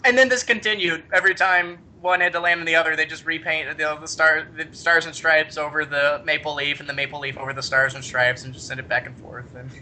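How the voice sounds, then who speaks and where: A man co-hosts a casual podcast and tells long, rambling stories. His voice is bright and ringing, and he keeps stopping to restart his sentences. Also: on the high side, fairly quick, hardly any pauses, slight background noise. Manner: rambling, animated, many restarts. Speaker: podcast co-host. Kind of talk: casual chat, storytelling.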